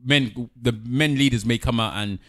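A man's voice: mid-range voice, normal speed, fairly bright tone, no room sound, clean studio sound. A man co-hosting a podcast, jumping in emphatically during a casual debate. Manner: emphatic, interjecting. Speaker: podcast co-host.

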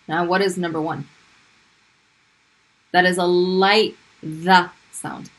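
A woman's voice: on the low side, normal speed, a bit bright, low-quality recording. A woman teaching Arabic pronunciation in a recorded video lesson, patiently repeating each sound for drilling.

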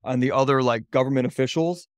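A man's voice: medium pitch, steady tone, fast, no echo. Candid man telling his story, dry sound. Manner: loose, rambling, with many "like" fillers; earnest and openly emotional. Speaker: podcast guest, men's coach.

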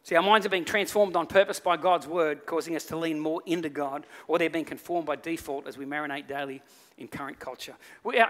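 A male pastor preaching a sermon, telling stories with lively acted-out voices. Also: a little high. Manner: animated storytelling, acts out voices in the story. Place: church hall. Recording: reverberant church hall.

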